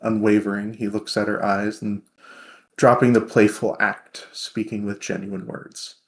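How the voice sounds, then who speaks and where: Slow, soft-spoken man narrating. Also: on the low side, flat delivery. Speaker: tabletop game player. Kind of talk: narrating his character's actions.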